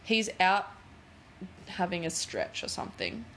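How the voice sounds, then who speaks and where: A woman's voice: fairly low pitch, big pitch swings, unhurried, fairly bright tone, slight background noise. Rambling, giggly woman retelling a plot. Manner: rambling, giggly, uses filler "like" often. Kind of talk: casual chat, retelling a film plot.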